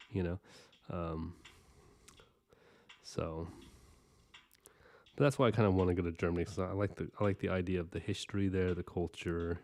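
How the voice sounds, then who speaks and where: A man's voice: low-pitched, fairly even intonation, moderate pace, pauses often, mellow. A man chatting casually with livestream viewers while he draws, rambling and often apologizing. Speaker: artist streaming while drawing.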